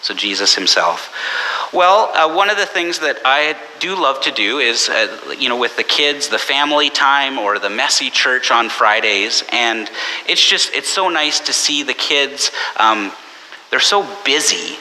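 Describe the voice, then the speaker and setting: Pastor, male, casual storytelling sermon; very bright tone, faint hiss on the recording. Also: mid-range voice, a little slow. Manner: conversational, anecdotal, with animated quoted voices. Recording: long church reverb with faint hiss.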